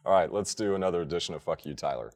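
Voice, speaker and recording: Man, low voice, sports podcast co-host, emphatic profane rants. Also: rapid-fire, darkish tone. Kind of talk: casual sports chat.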